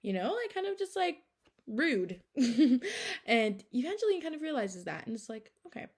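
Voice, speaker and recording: A woman's voice: a little high, big pitch swings, normal speed, a little mellow, breathy edge. A woman telling a story in a casual, chatty way, with heavy use of "like" and "okay?".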